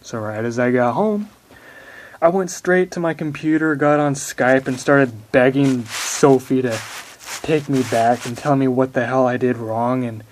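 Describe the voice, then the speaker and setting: A man's voice: mid-range voice, a little slow, a little hiss or hum. A young man telling a long personal story in a rambling, blunt way, swearing often. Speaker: vlogger. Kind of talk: casual storytelling to camera.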